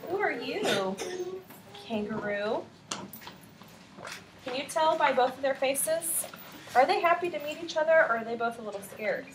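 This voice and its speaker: A woman teacher in a classroom, reading a picture book aloud to her class with an animated read-aloud voice and asking the children questions. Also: high voice, a little fast, background noise.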